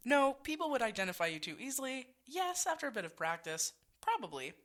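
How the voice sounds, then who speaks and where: Podcast co-host, woman, casual banter, bright tone, very animated delivery, quick to laugh and curse. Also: fairly high pitch. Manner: laughing, swearing, reading out quiz options. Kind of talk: casual chat.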